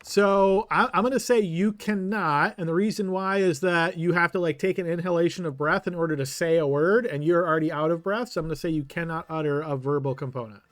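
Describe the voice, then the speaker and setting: A man's voice: on the high side, a little fast, hardly any pauses, no room sound, clean studio sound. A man running a tabletop game as game master, patiently explaining rules and thinking aloud.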